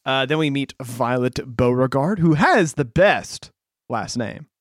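A man co-hosting a casual chat, recapping in a loose, laughing way and swearing now and then. His pitch moves around a lot. The sound is close and dry. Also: expressive, measured pace, no room sound. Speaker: podcast co-host recapping a film.

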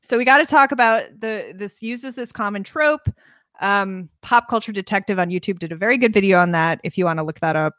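A woman's voice: medium pitch, fairly quick, fairly bright tone, no echo, studio quality. A woman co-hosting a podcast, recapping a film in casual, sarcastic chat, swearing freely and acting out the characters' lines. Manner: sarcastic, swears a lot, acts out quotes. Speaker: podcast co-host.

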